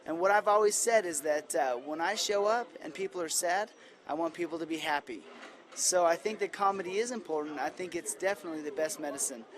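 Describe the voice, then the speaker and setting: A man interpreting aloud for a deaf stand-up comedian, telling jokes in deadpan storytelling with asides, recorded in a comedy club lounge. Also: fairly high pitch, brisk. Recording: distant roomy club mic with crowd and noise.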